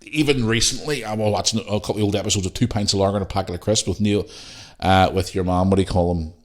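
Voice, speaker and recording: A man's voice: sits low, fairly even intonation, fast talker. A man with a Northern Irish accent hosting a solo podcast, ranting bluntly and swearing freely. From Northern Ireland. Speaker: podcast host.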